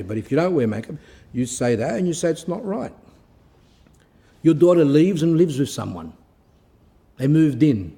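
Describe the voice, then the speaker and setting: A man giving a blunt, moralizing Orthodox Christian talk, slowing down to read passages aloud. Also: a little high, warm tone. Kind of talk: recorded moral talk, reading and commenting on a text.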